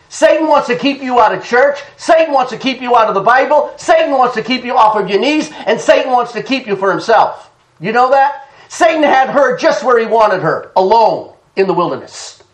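High-voiced, lively male pastor preaching. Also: moderate pace. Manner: animated preaching with chuckles and call-and-response. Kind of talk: sermon. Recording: roomy church echo.

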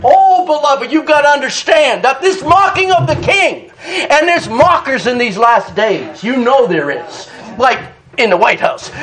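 A middle-aged man preaching a sermon, animated and dramatic, reading scripture and telling stories. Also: very high voice, low-quality recording. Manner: animated, dramatic, reads scripture in King James wording.

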